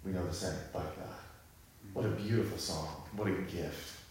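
A man's voice: sits low, moderate pace, darkish tone, heavy reverb, slight background noise. A man preaching a sermon, telling a personal story casually and then building to fervent emphasis. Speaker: pastor.

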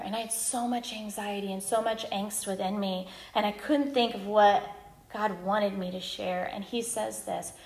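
Candid woman telling her story in an echoey hall. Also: mid-range voice. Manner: candid and self-deprecating, lively storytelling. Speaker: guest speaker at a women's ministry event. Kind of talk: personal testimony talk.

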